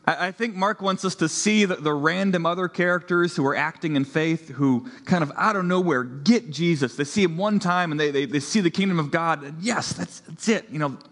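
A man in his thirties preaching in a relaxed, joking manner, often laughing between lines. His voice sits high for a man and rings through a long church reverb. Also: moderate pace, hardly any pauses. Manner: playful, laughing, conversational storytelling. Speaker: pastor. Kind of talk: sermon.

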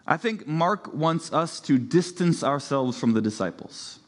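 Pastor, man, 30s, chatty laughing sermon style, higher voice, long church echo. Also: animated, unhurried. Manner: playful, laughing, conversational storytelling.

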